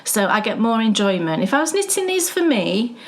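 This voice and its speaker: A woman co-hosting a casual knitting chat, chatty and excitable. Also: a little high, a little fast. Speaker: podcast co-host.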